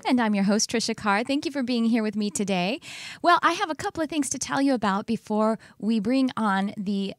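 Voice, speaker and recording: A woman's voice: on the high side, lively intonation, a little fast, no room sound, clean studio sound, faint music behind. A woman with a Texan accent hosting her own show in a casual, chatty way, laughing often and running loose and playful. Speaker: podcast host.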